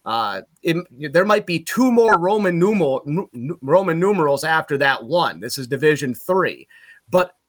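A middle-aged play-by-play broadcaster from Utica, New York, in upstate New York, tells road stories in a casual podcast chat. He's animated and gets loud at the punchlines. His pitch is fairly high and his speed normal.

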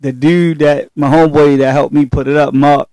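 A man's voice: a little high, flat delivery, moderate pace, mellow, no room sound. Laid-back man telling stories among friends. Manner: laid-back storyteller, laughs often, trails off. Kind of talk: casual storytelling chat.

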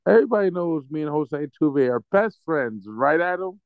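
A man's voice: fairly high pitch, expressive, normal speed, few pauses, clear, resonant tone, dry recording. A man co-hosting a sports podcast, ranting angrily and profanely with comic threats. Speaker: podcast co-host. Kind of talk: casual sports podcast rant. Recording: dull lo-fi, dry sound.

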